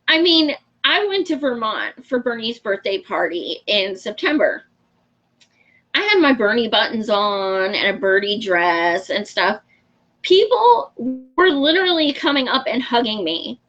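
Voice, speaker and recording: Frank, chatty woman host, a bit high. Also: sing-song, a little slow, a bit bright, highs cut off. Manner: frank and chatty, laughs often, swears casually. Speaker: show host. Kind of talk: casual livestream chat answering viewer comments.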